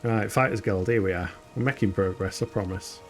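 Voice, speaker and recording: A man's voice: on the low side, brisk, soft background music. A man from the UK with a northern English accent, chatting casually and laughing at himself while streaming a game. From United Kingdom. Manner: chatty and self-mocking, laughs often. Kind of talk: casual gameplay commentary.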